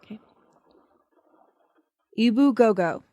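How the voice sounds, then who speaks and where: A woman's voice: a little high, animated, slow, mellow, no echo. A woman hosting a podcast, playfully quizzing a guest and spelling out names letter by letter. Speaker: podcast host. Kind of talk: quiz game in casual podcast chat.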